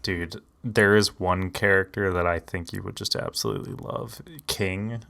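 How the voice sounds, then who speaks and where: Deep-voiced man in rambling casual chat. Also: fairly even intonation, normal speed, gravelly. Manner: loose and rambling, drifts off quietly, many fillers. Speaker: podcast co-host.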